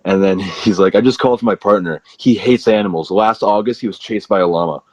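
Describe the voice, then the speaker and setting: Rambling low-voiced man telling stories. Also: fast talker, a little mellow, husky, dry recording. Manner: rambling anecdotes full of "like". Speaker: wrestler guest. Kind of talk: casual interview storytelling. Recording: slightly muffled dry audio.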